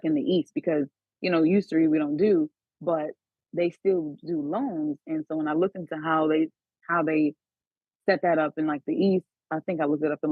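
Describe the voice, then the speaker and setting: A woman calls in and thinks aloud, rambling with lots of fillers. Her voice is breathy and dry, heard over a tinny phone line. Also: sits low, no echo. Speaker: caller. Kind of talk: casual phone call.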